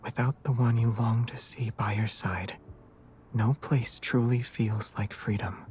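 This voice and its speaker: A man voicing a gentle, soft-spoken young lover in a whispered role-play, with an intimate and reassuring manner. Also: medium pitch, steady tone, measured pace, a little hiss or hum, natural voice. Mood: tender.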